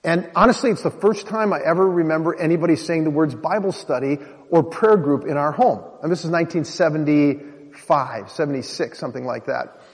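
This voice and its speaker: A man's voice: a little high, fairly quick. Earnest man telling his story in a hall. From Minnesota, USA. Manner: earnest storyteller, addresses the crowd directly. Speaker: speaker giving a personal testimony. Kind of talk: personal testimony to an audience. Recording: long hall reverb.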